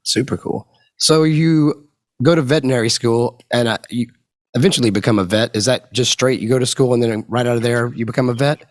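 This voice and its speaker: A man's voice: medium pitch, a little fast, dry recording, clean studio sound. A man hosting a podcast, asking curious questions with short reactions. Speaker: podcast host. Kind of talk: interview questions.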